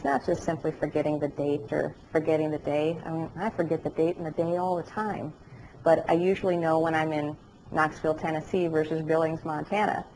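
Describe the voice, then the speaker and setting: Lively woman lecturing on warning signs. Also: sits low, slight background noise, rough recording. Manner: animated storytelling with jokes. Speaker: dementia care educator. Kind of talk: lecture to a class, also telecast. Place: classroom or lecture hall.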